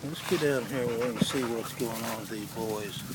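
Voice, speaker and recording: A middle-aged man walking outdoors with his camera, calling and coaxing puppies in a sing-song voice, with low muttered asides between calls. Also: normal speed. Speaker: dog breeder filming his litter. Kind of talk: casual home video narration. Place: outdoors, rural yard and road. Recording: loud outdoor noise on camera mic.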